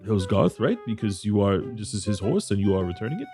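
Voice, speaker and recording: A man narrating a tabletop game as dungeon master, describing scenes with restarts and pauses. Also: fairly low pitch, sing-song, music in the background.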